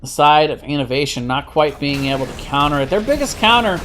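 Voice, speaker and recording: A man doing live play-by-play commentary on an esports match, steady with frequent self-corrections. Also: fairly high pitch, fairly quick, a little hiss or hum. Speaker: esports caster.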